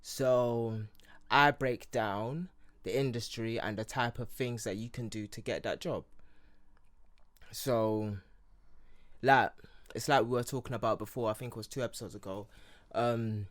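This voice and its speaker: A man's voice: medium pitch, fairly even intonation, measured pace, pauses often. Young man, English accent, casual podcast chat, rambling, filler-heavy. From Nigeria (Yoruba heritage). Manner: rambling, many fillers and restarts. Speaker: podcast co-host.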